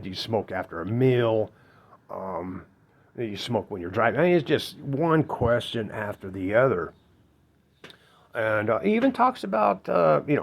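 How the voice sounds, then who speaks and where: Middle-aged man, very low voice, blunt, rambling, unpolished vlog delivery. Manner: blunt, rambling, heavy fillers, swears. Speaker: former smoker giving advice. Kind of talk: casual personal vlog.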